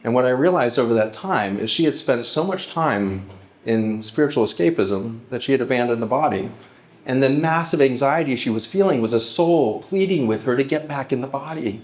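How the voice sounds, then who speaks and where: A middle-aged man speaking to a live audience at a festival, telling stories and slowing down to act out heartfelt pleas. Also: mid-range voice, expressive, darkish tone. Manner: storytelling, slows and lifts his voice to act out pleas.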